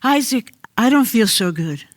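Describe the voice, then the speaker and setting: A storyteller voicing an ailing mother who calls out for her son in a quiet whisper. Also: on the high side, expressive, unhurried, no room sound, clean studio sound. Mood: frail.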